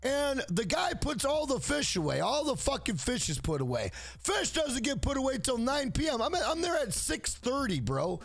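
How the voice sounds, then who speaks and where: A man's voice: very high-pitched, sing-song, normal speed, creaky, few pauses, fairly bright tone, dry recording, clean studio sound. A man streaming a game, chatting casually and telling rambling, profane stories to his viewers. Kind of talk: casual live-stream chat.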